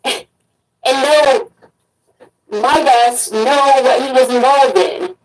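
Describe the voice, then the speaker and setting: A woman's voice: high-pitched, extremely slow, far from the mic, low-quality recording. A woman arguing heatedly in a confrontational, profane way, heard in a played-back clip.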